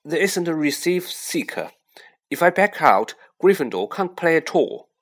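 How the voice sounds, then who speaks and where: Male reader as earnest boy wizard; lifted pitch, urgent delivery. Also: sing-song, unhurried, a bit bright, full character voice.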